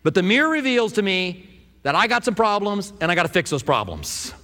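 A man preaching a sermon, telling stories and acting out quotes in an animated way. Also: high voice, brisk, big-room sound. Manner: animated storytelling with acted-out quotes. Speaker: pastor.

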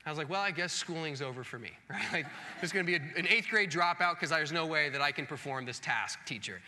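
A man in his thirties, a pastor telling a self-mocking story in a sermon, animated and acting out the voices of others. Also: a little high, quick pace. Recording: long hall reverb.

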